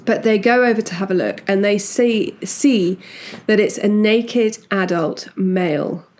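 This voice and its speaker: Woman podcast host, relaxed and chatty, mid-pitched, with frequent asides while recounting a case. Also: a little slow. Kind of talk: casual true-crime storytelling.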